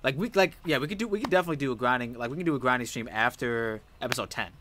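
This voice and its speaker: Man co-hosting a relaxed gaming session, talking at a fast clip with a bright, forward voice. He tells his stories animatedly and swears casually, the talk loose and conversational. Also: mid-range voice, a little hiss or hum. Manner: animated storyteller, swears freely. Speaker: co-host of a game challenge series. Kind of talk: casual gaming chat while playing.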